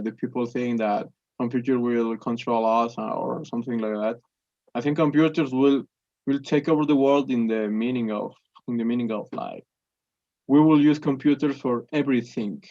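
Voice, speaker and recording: A young man whose native language is Spanish practices conversational English, his mid-range voice dark in tone. He sounds hesitant, with many restarts and fillers, and the audio is dry, close, dull lo-fi call sound with no echo.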